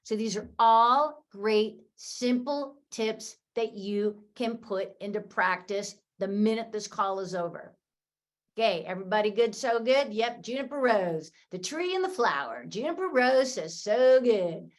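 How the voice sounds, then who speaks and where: A woman's voice: medium pitch, expressive, a little slow. A woman hosting a sales training call, recapping tips in an upbeat, encouraging way and talking straight to her audience. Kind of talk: energetic coaching recap.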